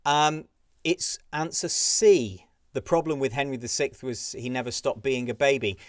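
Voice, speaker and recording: A man's voice: mid-range voice, normal speed, no echo, studio quality. A man hosting a live-streamed pub quiz, talking casually through the answers and chuckling now and then. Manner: chatty, giggles at pictures, frequent fillers.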